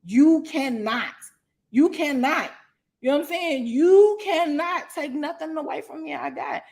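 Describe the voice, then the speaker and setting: A woman's voice: high voice, a little slow, gravelly, a little mellow. A woman author telling her story in an interview, blunt and profane, emphatic and laughing often. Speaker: guest, author.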